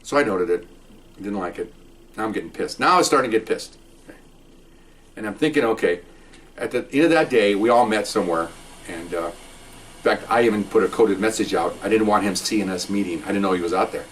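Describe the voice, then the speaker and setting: Fast-talking older man telling cop stories. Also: fairly low pitch, far from the mic, a little hiss or hum. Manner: rambling, animated, keeps adding "okay?". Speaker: retired police officer telling stories. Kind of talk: casual storytelling monologue.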